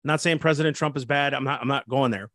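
A man's voice: mid-range voice, steady tone, fast talker, fairly bright tone, no echo. A man who is an assistant pastor, speaking fervently and preachily in an interview, often restarting his sentences. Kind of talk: impassioned interview talk.

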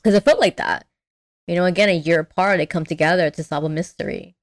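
Rambling young woman, low voice. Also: fast talker. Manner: rambling, lots of "like" and restarts. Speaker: podcast co-host. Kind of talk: casual chat.

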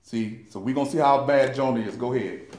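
Fairly quick and a little mellow, a man's mid-range voice carries through a roomy space as he leads a Bible study. His style is impassioned preaching, with listeners called saints and fervor steadily rising.

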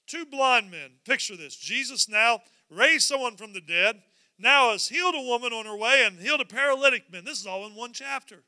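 High, bright-voiced preacher man. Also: normal speed, smooth, dry recording. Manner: animated, acts out the scripture scenes; drops to a quiet, confessional tone at times. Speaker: pastor. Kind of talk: sermon.

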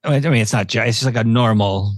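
A man co-hosting a casual film podcast, retelling scenes with lively acted-out voices. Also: mid-range voice, fast talker, no echo, clean studio sound. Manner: animated, acts out scenes in quoted voices. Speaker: podcast co-host.

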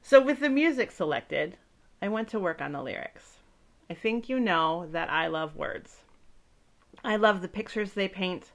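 A woman entertainer speaking gently and warmly to children, telling a friendly story and explaining words simply. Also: mid-range voice, expressive, a little slow.

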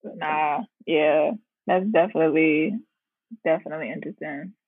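A woman hosting a podcast in a relaxed, casual chat, laughing easily and using slang. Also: deep voice, moderate pace, slightly rough, dry recording, narrow, tinny audio. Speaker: podcast host.

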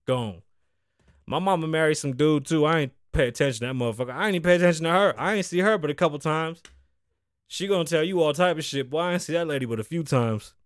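A man's voice: on the high side, no room sound. A man from the Bronx, hosting a podcast in loose, profane, riffing chat and teasing his co-host. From the Bronx, New York. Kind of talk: casual freestyle podcast talk.

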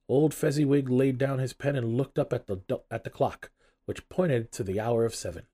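Mellow-voiced male storyteller. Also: mid-range voice, normal speed. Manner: expressive storytelling. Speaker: narrator. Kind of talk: audiobook narration.

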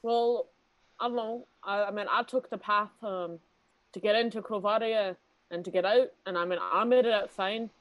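A woman's voice: medium pitch, steady tone, normal speed, dry recording, rough recording. A woman speaking in character as a player in a tabletop game, hesitant and casual. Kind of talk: tabletop role-play.

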